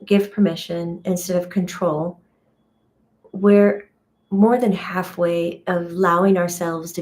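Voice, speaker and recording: In this relaxed spiritual livestream, a woman speaks at a fairly low pitch with a dark tone while teaching intuition. Her talk is conversational, punctuated by self-directed laughter and phrases she starts over.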